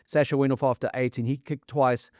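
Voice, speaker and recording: A South African man in relaxed podcast chat about rugby. He sounds enthusiastic, runs through figures and restarts his sentences often. His voice sits mid-range, recorded close and dry. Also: medium pitch, a little fast, dry recording. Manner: enthusiastic, lists stats, frequent restarts. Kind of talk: casual sports chat.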